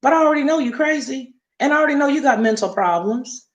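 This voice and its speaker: A woman's voice: high voice, lively intonation, fast, roomy sound, lo-fi sound. A woman hosting a casual livestream, talking emphatically and repeating points for effect. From Southern United States. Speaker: livestream host.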